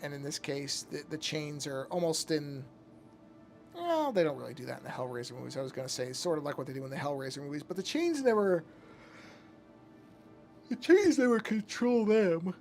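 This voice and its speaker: A man's voice: mid-range voice, expressive, fast, vocal fry, faint music behind. A middle-aged man chatting casually on a live art stream as he paints, thinking aloud with many restarts and yawning now and then. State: yawning often. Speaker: artist streaming his work.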